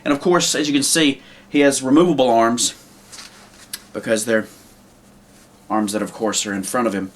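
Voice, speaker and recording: A man walking through his handmade puppet collection in a loose, unscripted way, with lots of pauses and restarts. His voice sits at an ordinary middle pitch. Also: a little hiss or hum. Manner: rambling, with many ums and restarts. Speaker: puppet maker. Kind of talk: casual show-and-tell.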